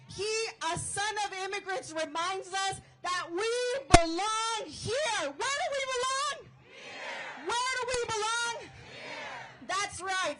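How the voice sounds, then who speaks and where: A woman's voice: extremely high pitch, low-quality recording. Fields: Sex: woman. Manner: impassioned rally speaker. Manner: impassioned, shouting chants to a crowd. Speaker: union organizer speaking at a rally. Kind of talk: rally speech with call-and-response chants. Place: outdoor protest rally.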